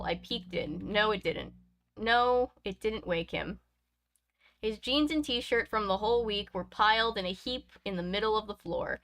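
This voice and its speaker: Bright-voiced woman reading a book aloud. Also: mid-range voice. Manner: chatty asides between read passages, laughs easily. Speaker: reader of a book.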